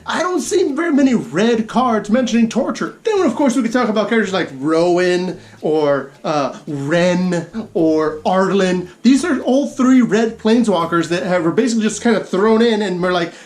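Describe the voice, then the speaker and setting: A woman hosting a gaming video, delivering a comic rant in an exasperated, emphatic, sarcastic way, with quick laughs. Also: medium pitch, lively intonation, darkish tone. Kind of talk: comedic rant commentary.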